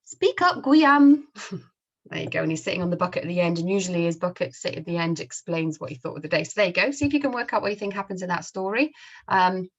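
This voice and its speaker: A woman's voice: on the low side, rapid-fire, dull audio. A woman from the north of England, a primary school teacher, chatting to pupils about comic strips in a friendly, explaining way with fillers. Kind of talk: recorded book sharing for pupils.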